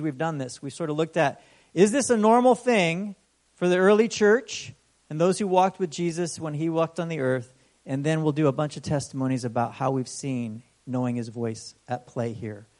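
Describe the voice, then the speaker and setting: High-voiced man preaching conversationally. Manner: conversational, often asks "right?"; animated storytelling with voiced exclamations. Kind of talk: sermon.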